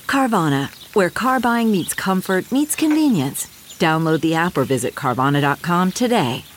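A woman reading a scripted ad in a smooth, inviting way. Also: lowish voice, expressive, normal speed, noisy background. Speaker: ad narrator. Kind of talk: scripted ad read.

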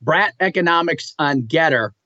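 Male economics guest, slightly high voice, upbeat, dull lo-fi remote line. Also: lively intonation, measured pace, sharp tone, no room sound. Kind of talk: remote guest on a talk show.

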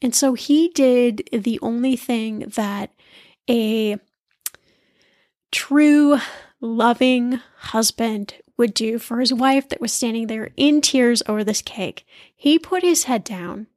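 A woman hosting a podcast in a chatty, animated way, laughing easily as she talks. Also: fairly high pitch, takes it slowly, no room sound, clean studio sound. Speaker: podcast host. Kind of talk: casual chat.

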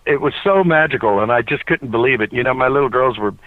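A man voice actor tells a lively story in an interview, stumbling over restarts and fillers as he goes. His voice sits in a middle pitch range. The sound is thin and tinny, like a phone recording in a dead, dry space. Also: fast talker, no room sound. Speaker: voice actor guest. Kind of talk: casual anecdote in an interview. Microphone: cell phone recording.

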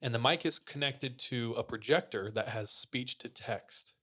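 A man hosting a podcast, casually retelling a listener's ghost story to his co-hosts in a relaxed, slangy way. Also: medium pitch, unhurried, breathy edge. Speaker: podcast host.

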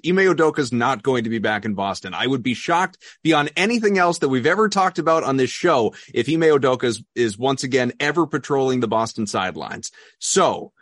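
Male host, mid pitch, dry close sound, halting speech. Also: fairly bright tone, no echo. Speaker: podcast host. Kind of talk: casual sports chat.

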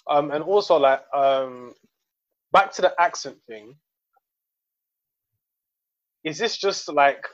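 A man's voice: mid-range voice, lo-fi sound. Hesitant man hosting a podcast. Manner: hesitant questioning, many ums. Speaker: podcast host. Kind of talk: casual podcast interview.

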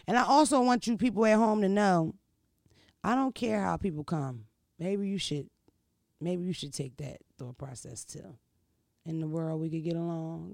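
A loud, brash woman swaps stories in casual chat, animated and profane, her lowish voice carrying a gravelly rasp. The recording is dry and close-miked, with no echo or sense of a room.

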